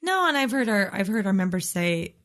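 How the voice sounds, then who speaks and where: A woman's voice: mid-range voice, very animated, fairly bright tone. A woman co-hosting a podcast, chatting in an agreeable, upbeat way. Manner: chatty, agreeable, quick to laugh. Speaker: podcast co-host. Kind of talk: casual chat.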